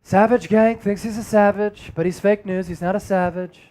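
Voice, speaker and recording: A man's voice: high voice, steady tone, normal speed, a little mellow. A man hosting a casual sports livestream, joking around and reading viewer comments aloud. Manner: loose, joking, reads chat aloud. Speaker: sports show host.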